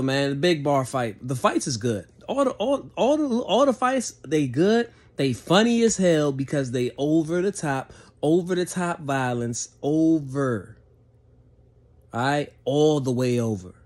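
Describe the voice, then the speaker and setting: A man's voice: mid-range voice, a little mellow. Laid-back, profane man rambling through a review. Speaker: movie reviewer. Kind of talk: casual spoken film review.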